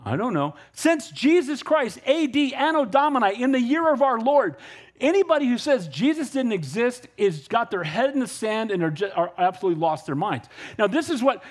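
Emphatic preaching man, fairly high voice. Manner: emphatic preaching with rhetorical questions and calls of "Amen?"; conversational, acts out dialogue with people he has spoken to. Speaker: pastor. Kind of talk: sermon.

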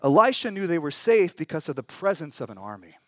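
A man preaching in a church, his voice light and high for a man. He retells scripture like a campfire story, dropping to a hush and then rising loud. The sound is dry and close to the mic. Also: big pitch swings, a little fast, no room sound. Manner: dramatic storytelling with wide swings in pitch and volume; conversational asides and humor. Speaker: pastor. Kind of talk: sermon.

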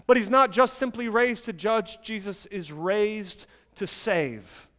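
A man preaching a sermon, emphatic at times and dropping to quiet intensity. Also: high-pitched, slow, in a large hall.

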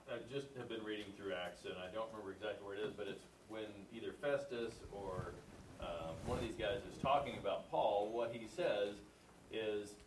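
Male class member, low voice, hesitant and searching, distant in a reverberant room. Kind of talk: group discussion comment. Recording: distant, roomy, faint hum.

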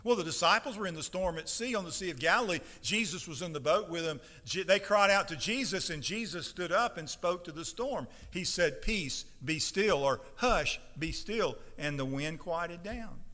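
A man's voice: high-pitched, expressive, normal speed, few pauses. A man in his fifties preaching a sermon to his congregation, talking plainly and then raising his voice to stress the words when he reads scripture. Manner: emphatic preaching, rising to loud scripture readings. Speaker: pastor. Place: church sanctuary. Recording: long hall reverb.

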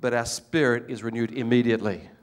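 An older Australian man preaches a sermon with animated storytelling, jokes, and acted-out voices of the people he quotes. He talks fast in a mid-range voice.

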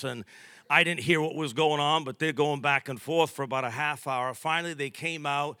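A man's voice: on the high side, normal speed, pushed and bright, clear, resonant tone, no room sound, clean studio sound. A man in his sixties from Massachusetts, a pastor preaching a sermon with emphatic rising bursts and joking asides.

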